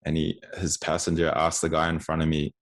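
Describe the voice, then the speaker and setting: A man's voice: rumbling low, completely flat delivery, brisk. A man in his twenties, a podcast guest, telling a story casually with frequent restarts and acted-out quotes. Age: 20s.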